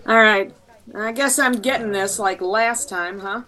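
A woman's voice: mid-range voice, a little slow, bright, forceful tone. A woman playing a tabletop game in character, sassy and fond of old-timey slang. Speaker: player. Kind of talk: in-character tabletop role-play.

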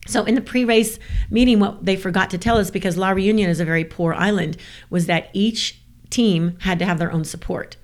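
A woman from the American South tells a long story as a guest in a relaxed chat. She is animated and laughs often as she talks. Her voice sits at a middling pitch. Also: fairly quick. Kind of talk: casual storytelling.

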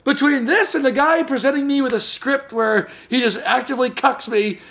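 A man's voice: very high voice, moderate pace, gravelly, a bit bright. A man hosting a casual comedy podcast, telling stories in a rambling way and laughing often. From California. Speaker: podcast host.

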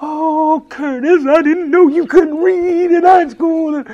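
High gushing tearful young woman, as a man puts her on, soft and sweet. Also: steady tone, slow, muffled recording.

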